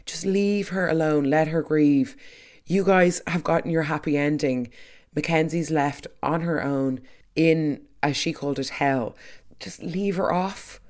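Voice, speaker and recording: A speaker giving a chatty, opinionated recap of a soap opera, with quick asides and restarts. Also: mid-range voice, darkish tone. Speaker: soap recap podcast host. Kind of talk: casual chat.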